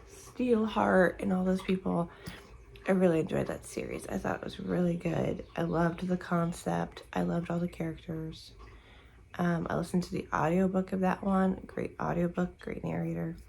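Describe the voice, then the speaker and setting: Female book vlogger, sleepy morning chat, low-ish, heavy vocal fry, meandering delivery with lots of fillers. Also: a little mellow, slight background noise, rough recording. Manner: rambling, searching for words with many fillers. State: sleepy and tired, yawning. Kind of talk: casual morning chat to camera. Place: at home in the morning.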